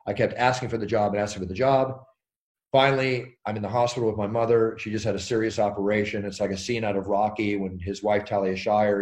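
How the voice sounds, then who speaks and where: A middle-aged man tells his stories at a fast clip, with energy. His voice sits a bit low, and he acts out quotes and sound effects as he talks. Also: darkish tone. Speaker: interview guest, ring announcer. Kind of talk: animated storytelling.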